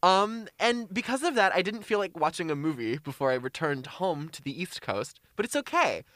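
A man's voice: high-pitched, lively intonation, normal speed, a bit bright, no echo, studio quality. Rambling, playful young man. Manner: rambling and playful, with frequent restarts. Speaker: podcast co-host. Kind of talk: casual chat.

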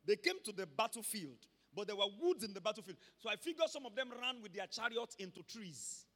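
A man with a Nigerian accent preaching a sermon to his church, emphatic and rising from quiet talk to shouts. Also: high voice, sing-song, a little fast. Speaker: pastor. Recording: long hall reverb.

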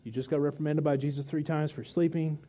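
A man's voice: fairly high pitch, steady tone, dark tone. A man preaching a sermon to his congregation, talking in a conversational, joking way and retelling scripture with vivid storytelling. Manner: vivid storytelling, dramatic pauses. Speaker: pastor.

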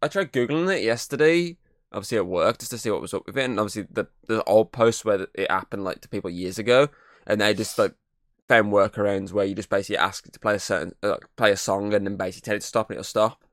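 A man's voice: lowish voice, quick pace, no echo, clean studio sound. A man hosting a casual podcast over a video call, rambling, swearing and laughing as he talks. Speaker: podcast host.

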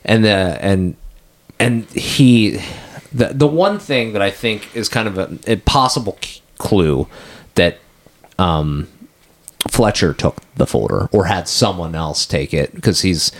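A man with a fairly low voice talks through a film on a casual podcast. He is animated and keeps restarting his sentences, correcting himself as he goes. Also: slow. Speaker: podcast co-host. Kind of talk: casual movie discussion chat.

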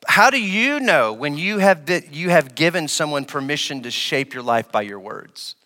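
A male pastor delivers a sermon in a bright, slightly high voice. He asks the congregation questions and repeats phrases for emphasis. He swings from loud, raised lines to quiet, low ones. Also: animated, normal speed, big-room sound. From West Africa.

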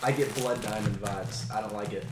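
A young man in casual comedic podcast chat, energetic and joking, often acting out what he'd say. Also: fairly low pitch, moderate pace, echoey room, a little hiss or hum. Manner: energetic, joking, mock-quoting himself. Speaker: podcast guest.

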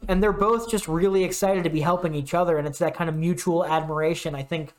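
Young guy cohosting a game podcast, lively and chatty, does little voices for characters. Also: on the high side. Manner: animated, retells game dialogue in quick voices. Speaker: podcast co-host. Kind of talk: casual chat.

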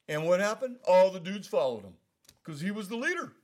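A man teaching a Bible study in a relaxed, conversational way, often asking "you know what I mean?". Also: high-pitched, moderate pace, long pauses. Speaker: pastor.

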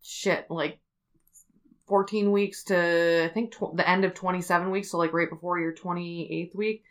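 A woman hosting a podcast, telling a story in a casual, rambling way with many fillers as she thinks out loud. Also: on the low side, steady tone, moderate pace. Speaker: podcast host.

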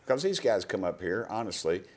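A man's voice: lowish voice, very animated, a little fast. A middle-aged man with a Southern US accent hosting a casual interview podcast, folksy and joking as he wanders through stories. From Tennessee. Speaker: podcast host, congressman.

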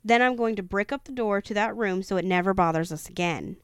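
A woman's voice: medium pitch, fairly quick, clear, resonant tone, dry recording, clean studio sound, natural voice. A woman reading as a firm, tired husband. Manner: firm, practical. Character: determined tired husband and father.

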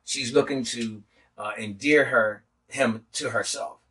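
A man, a pastor, teaching a sermon in a halting way with many filler sounds. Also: medium pitch, steady tone, sharp tone, breathy edge, recorded from a distance, rough recording.

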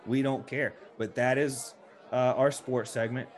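A man's voice: medium pitch, level tone, unhurried. Rambling male podcast host. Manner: joking, rambling with restarts. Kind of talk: casual podcast chat.

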